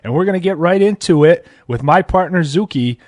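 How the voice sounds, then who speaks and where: A young man hosting a sports podcast in a small studio, opening with radio-style lines and replying in a measured, agreeable way. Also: a little high, animated, a little mellow, no room sound. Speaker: host. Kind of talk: casual sports talk.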